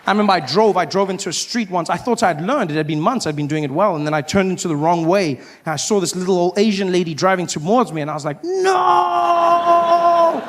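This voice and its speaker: A male comedian performing stand-up, telling a story in an animated way and breaking into sudden shouts. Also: high voice, fast talker, hardly any pauses.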